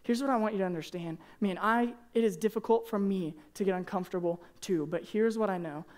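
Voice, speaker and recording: A young man preaching a casual, earnest sermon to high school students, peppering his talk with "man" and "like". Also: fairly quick, a little mellow. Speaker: youth pastor. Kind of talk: youth sermon.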